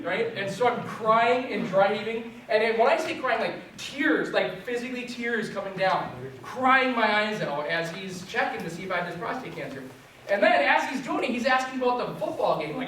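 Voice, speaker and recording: Young guy trainer joking to a class, highish voice, boomy room far from the mic. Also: moderate pace, very echoey, a little hiss or hum. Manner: animated, self-mocking, stammering for effect. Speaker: resilience trainer. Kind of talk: storytelling talk to a group.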